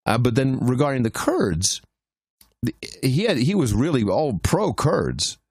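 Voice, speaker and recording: A man's voice: medium pitch, very animated, a little slow, slightly rough, no room sound, clean studio sound. A man co-hosting a podcast, telling a long travel anecdote in casual chat with frequent restarts and fillers. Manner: rambling anecdotes with many restarts. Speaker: podcast co-host.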